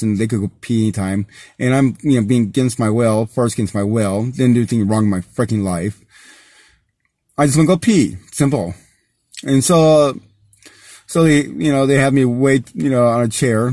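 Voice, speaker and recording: A man's voice: medium pitch, mellow, no room sound, studio quality. A man telling a personal story in a casual vlog, rambling with many fillers and restarts, often breaking into angry, profane rants. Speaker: vlogger.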